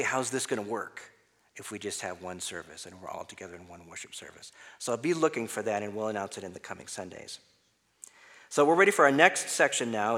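A man's voice: on the low side, fairly bright tone. A man preaching an expository sermon as a pastor, reading scripture aloud and then explaining its words in a conversational way. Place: church sanctuary. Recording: long hall reverb.

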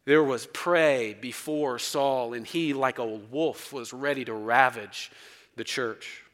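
A man preaching a sermon with emphatic delivery and dramatic swings between quiet and loud. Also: mid-range voice, takes it slowly. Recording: long reverb of a large hall.

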